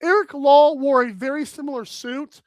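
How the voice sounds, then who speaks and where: A bubbly, animated woman chats casually through a fashion segment on a talk show. Her voice sits high, and the close mic gives it a dry sound with no room around it. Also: moderate pace, dry recording. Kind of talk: casual chat.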